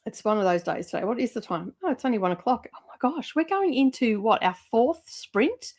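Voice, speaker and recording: A woman's voice: a little high, lively intonation, a little fast, a little mellow. A middle-aged woman, chatting casually as host of a livestream, rambling with lots of fillers and laughs.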